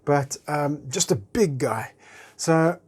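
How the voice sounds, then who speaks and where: A man sharing a personal testimony in a chatty, expressive way, full of fillers and acted-out dialogue. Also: on the high side, takes it slowly. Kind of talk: animated personal storytelling.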